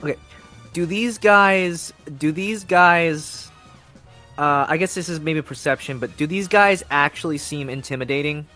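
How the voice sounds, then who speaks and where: Hesitant, bright-voiced man player. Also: fairly high pitch, a little slow, faint music behind. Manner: hesitant, filler-heavy questions. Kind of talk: casual tabletop play.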